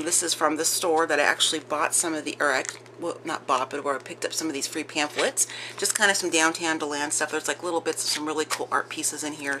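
A woman's voice: low-pitched, noisy background. A woman hosting a crafting vlog at home, showing items in a chatty, rambling way with lots of fillers. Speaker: crafting channel host. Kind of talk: casual show-and-tell vlog.

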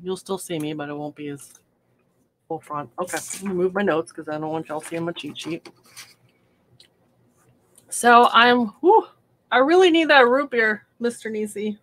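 A woman's voice: medium pitch, moderate pace, pauses often, fairly bright tone. A woman hosting a casual livestream from her hobby room, chatty and self-deprecating, laughing often. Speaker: livestream host. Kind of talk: casual livestream chat while crafting.

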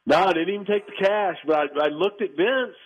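A man's voice: high voice, brisk. A man telling a story on a radio call-in interview, acting out the people in it, heard through a muffled phone line outdoors in the cold. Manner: animated storyteller, acts out quoted voices. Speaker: podcast host guest.

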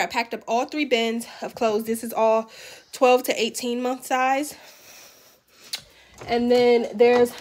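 A tired, pregnant woman in her thirties chatting casually at home for her vlog, rambling with fillers. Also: on the high side. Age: 30s. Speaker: vlogger. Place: home, indoors.

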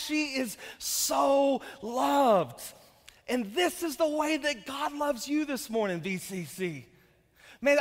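A pastor in his thirties with a strikingly high voice preaches to his congregation. He tells stories with humor and bursts into loud, fervent shouts. The long reverb of the church hall trails behind him. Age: 30s. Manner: energetic storytelling with jokes, rising to shouts. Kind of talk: sermon. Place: church sanctuary.

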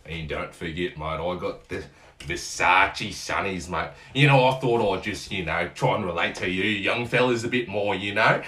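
A man's voice: low voice, moderate pace, sharp tone, echoey room, distant mic. A man playing a middle-aged Australian father trying to seem cool, chummy and laughing. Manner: chummy, laughing, says mate constantly.

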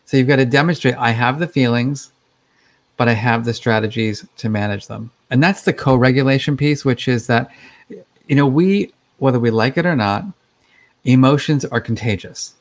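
A man's voice: mid-range voice, moderate pace. A man speaking as a guest expert in a conversational interview, explaining things in a chatty way with many fillers.

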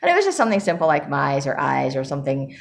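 Woman, low pitch, casual vlog, emotional, reflective, soft laughs. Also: huge pitch swings, quick pace, creaky, slight background noise. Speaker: vlogger sharing her writing journey.

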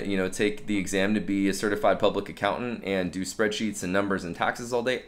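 A man who works as a fitness trainer, talking candidly and reflectively in a casual self-help vlog. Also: low voice. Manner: candid, reflective, conversational with fillers.

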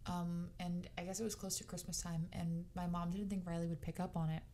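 Animated young woman telling stories. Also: lowish voice, brisk. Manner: animated storyteller, acts out quotes. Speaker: podcast co-host. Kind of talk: casual chat.

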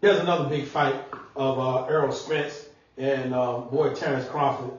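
A man preaching a sermon as pastor, animated and conversational, sometimes shouting and laughing. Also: mid-range voice, normal speed. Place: church sanctuary. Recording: echoey church room, mic at distance, dull sound.

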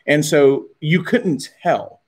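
A man's voice: on the high side, takes it slowly. A man co-hosting a live stream, telling rowdy, profane stories and laughing as he goes. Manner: rowdy, profane storyteller who laughs a lot. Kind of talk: casual live-stream chat.

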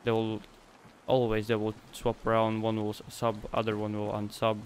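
A man streaming a survival game, chatting casually to his viewers, swearing and breaking into excited yelps. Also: normal speed, a little hiss or hum. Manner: swears freely, talks to himself and his viewers, bursts into high excited yelps. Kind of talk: casual gameplay commentary.

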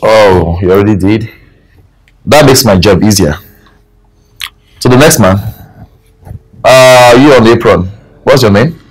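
Man doing a stern rich boss, real deep voice, short formal questions, faint music under. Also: measured pace, pauses often, poor audio. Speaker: employer interviewing domestic staff.

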